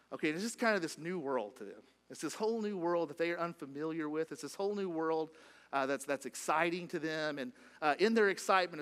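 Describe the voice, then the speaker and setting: A man's voice: high voice, fairly bright tone. A middle-aged male pastor preaching a sermon in a church, speaking conversationally, repeating key phrases and asking the congregation questions. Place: church sanctuary.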